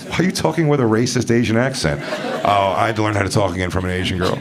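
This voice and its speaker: A man's voice: on the low side, animated, normal speed, long pauses. A male stand-up comedian on a club stage, doing blunt, teasing, profane crowd work into a handheld mic. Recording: live show with loud crowd laughter.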